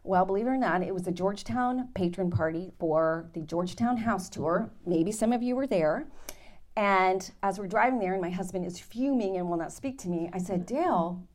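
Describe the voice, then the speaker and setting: A woman Bible teacher giving an animated, dramatic testimony to her class, with laughs. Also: mid-range voice, moderate pace. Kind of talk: sermon storytelling.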